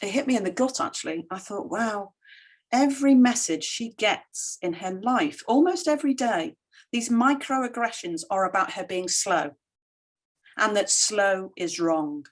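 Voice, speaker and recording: A middle-aged woman speaking at a conference keynote, her voice sitting at an ordinary middle pitch. She tells her stories with animation and brings other people's words to life as she quotes them. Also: lively intonation, measured pace.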